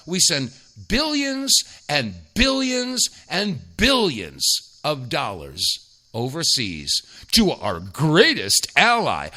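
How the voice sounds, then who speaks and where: A man's voice: high-pitched, bright, forceful tone. A man hosting a talk radio show, emphatic and sarcastic, rambling with many restarts.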